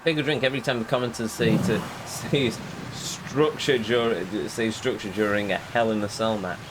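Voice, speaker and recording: A man's voice: fairly low pitch, steady tone, moderate pace, background noise. A man doing casual, rambling gameplay commentary with wry grumbles. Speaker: let's play host. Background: game music.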